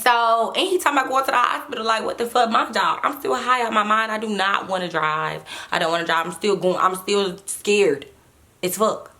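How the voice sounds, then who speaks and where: A woman vlogger telling a story straight to her viewers in a casual, animated way, with plenty of swearing. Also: medium pitch, a little fast.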